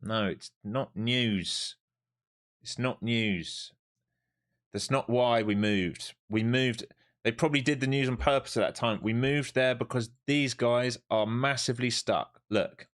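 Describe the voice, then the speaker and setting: A man doing live trading stream commentary, animated and swearing freely as he talks through the chart. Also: medium pitch, a little slow. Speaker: live-stream day trader.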